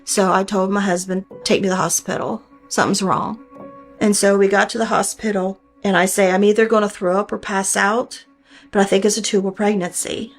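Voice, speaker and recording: An older woman in her sixties recounts a personal story with earnest, heartfelt feeling. Her voice sits at a middle pitch, and she often slips into the words she and others once said. Faint music plays softly behind her. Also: level tone, brisk. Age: 60s. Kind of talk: personal testimony.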